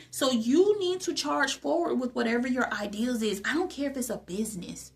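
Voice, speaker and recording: A woman's voice: high voice, normal speed. A young adult woman, host of her own channel, giving an emphatic motivational talk about spiritual growth, repeating phrases and asking rhetorical questions.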